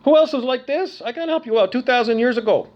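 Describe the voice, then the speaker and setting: A man's voice: very high voice, animated, quick pace, lo-fi sound. A middle-aged man from Canada ranting angrily to camera, profane, accusatory and repetitive. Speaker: vlogger. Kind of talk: angry rant to camera.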